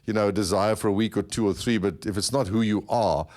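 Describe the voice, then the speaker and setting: A man's voice: on the low side, steady tone, quick pace, a little mellow. A man from South Africa hosting a podcast interview, talking in long rambling turns and repeating words as he thinks. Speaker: podcast host. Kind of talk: conversational interview.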